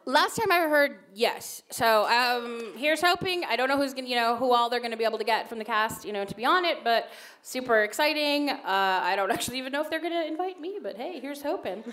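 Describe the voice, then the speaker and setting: A woman's voice: on the high side, fairly bright tone. A woman in her thirties answering fan questions on stage, chatty, with lots of fillers and laughter. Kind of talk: casual Q&A on stage.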